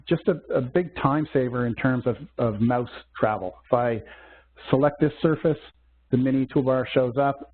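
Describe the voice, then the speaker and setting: Man explaining software over tinny audio. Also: medium pitch, slightly rough. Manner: methodical step-by-step explaining with fillers. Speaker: software instructor. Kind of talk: screen-share software demo webcast. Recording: tinny phone-like webcast audio.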